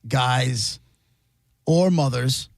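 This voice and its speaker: Gravelly radio co-host, dry mic. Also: male voice, medium pitch, extremely slow, no room sound. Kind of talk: casual on-air chat. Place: radio studio.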